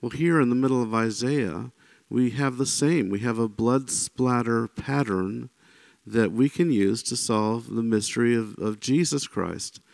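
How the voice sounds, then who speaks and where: A man's voice: mid-range voice, unhurried, vocal fry, no echo. A man giving an informal Bible teaching, talking conversationally and often checking in with the listener. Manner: conversational, often checks in with "right?" and "you know"; animated when voicing quoted speakers.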